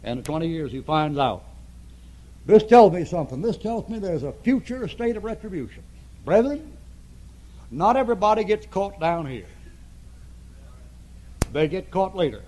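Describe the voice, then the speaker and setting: An older man preaching a sermon to a congregation, repeating phrases and swinging between loud emphasis and hushed tones. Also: high-pitched, sing-song, normal speed, long pauses, rough recording. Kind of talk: fiery sermon. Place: church before a congregation.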